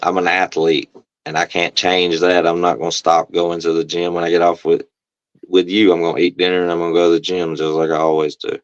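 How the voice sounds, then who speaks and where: A man, a professional wrestler, talking casually in an interview and telling stories in a relaxed way, acting out other people's voices. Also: deep voice, fairly quick, dry recording, highs cut off. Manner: relaxed storyteller, acts out the other voices in quotes.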